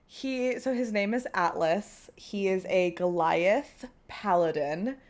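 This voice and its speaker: A woman's voice: medium pitch, animated, slow. A woman co-hosting a tabletop gaming podcast, chatting casually with fillers and frequent laughter. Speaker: podcast co-host. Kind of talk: casual chat.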